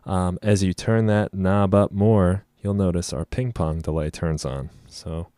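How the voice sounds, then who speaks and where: A man giving a casual music production tutorial at his computer, explaining each knob in a relaxed way with frequent ums, over loud instrument sounds. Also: low-pitched, measured pace, dry recording, clean studio sound. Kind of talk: casual screen-recorded software tutorial. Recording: loud instrument demos behind the voice. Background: loud synth and trumpet sounds playing.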